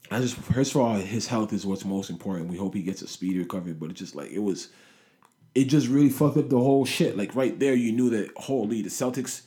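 A man giving a casual, animated monologue about basketball, swearing often and saying "you know what I mean" a lot. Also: lowish voice. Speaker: sports commentator. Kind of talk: casual sports talk monologue.

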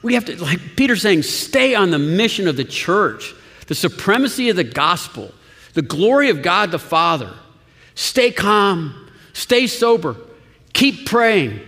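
High-voiced pastor preaching in a hall. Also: male voice, fairly bright tone. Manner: conversational, chuckling, frequent restarts. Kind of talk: sermon. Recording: long reverb of a church hall.

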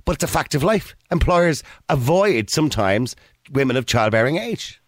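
A middle-aged man hosting a radio phone-in, blunt and opinionated, talking over his callers with quick asides. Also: medium pitch, very animated, no room sound, studio quality. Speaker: radio talk show host.

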